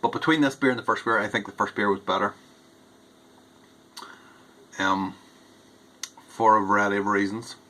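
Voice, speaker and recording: Homebrew host, male, slightly low bright voice, casual rambling tasting chat that hedges as it goes. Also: moderate pace, long pauses. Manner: rambling, hedging, thinks aloud. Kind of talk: casual beer tasting review.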